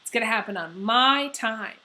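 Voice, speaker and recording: A woman's voice: on the high side, animated, moderate pace, sharp tone. Woman doing fate as a gloating know-it-all, taunts you. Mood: stern. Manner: teasing, gloating. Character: taunting personified fate, mocking and unbending.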